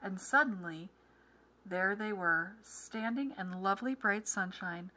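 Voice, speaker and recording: A woman teacher reading a children's book aloud with clear, expressive storytelling, then going over quiz questions. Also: mid-range voice, unhurried.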